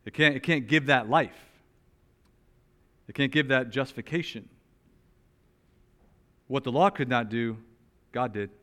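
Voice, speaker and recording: A man preaching an expository sermon. He talks in an animated, emphatic way, rises loudly on some points, and drops to a soft, slow voice on others. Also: mid-range voice. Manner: animated, emphatic, with wide swings in loudness. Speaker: pastor.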